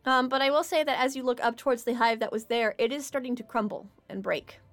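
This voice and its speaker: Woman GM, high voice, giggly, rambling narration with lots of fillers. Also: fairly even intonation, fast, fairly bright tone, soft background music. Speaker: game master. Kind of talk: narrating a tabletop game.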